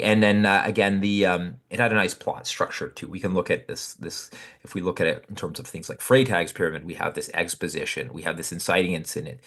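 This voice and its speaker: Low-voiced man musing over a short story. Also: fairly bright tone. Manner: thoughtful, frequent fillers and restarts. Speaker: podcast host discussing literature. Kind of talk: casual spoken literary analysis.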